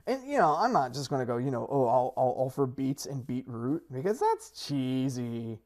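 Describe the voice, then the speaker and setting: With a mellow edge and wide pitch swings, a man who plays on a Minecraft server and makes videos delivers moderate-paced, rambling commentary. He pitches his plans in playful sales-hype style, teasing himself and restarting often.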